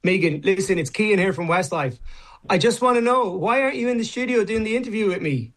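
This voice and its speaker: A cheeky, chatty Irish pop singer with a bright, high-set voice, as a radio host puts him on. He talks easily and teases the caller with a friendly lilt during a prank phone call. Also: expressive, fairly quick. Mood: teasing. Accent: Irish, put on. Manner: playful, teasing prank caller.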